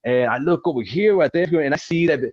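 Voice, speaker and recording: A man's voice: fairly high pitch, lively intonation, fairly quick, no echo, dull audio. A man as an interview guest, casually retelling a personal story with lots of swearing and acted-out quotes.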